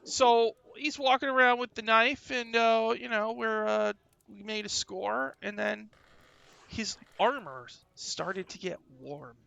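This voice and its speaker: A man playing a gravelly, rambling junkie dog. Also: sits high, takes it slowly, sharp tone, no echo, highs cut off, heavily acted. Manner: rambling, slangy, defensive. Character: twitchy drug-addled male street dog. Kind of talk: in-character role-play.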